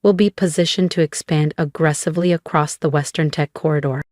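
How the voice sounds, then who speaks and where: A haughty, scornful aunt executive, read by a woman narrator, speaking in a condescending, artificially bright tone. Her voice is lowish for a woman and recorded dry and close. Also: fairly even intonation, fairly quick, no echo, natural voice.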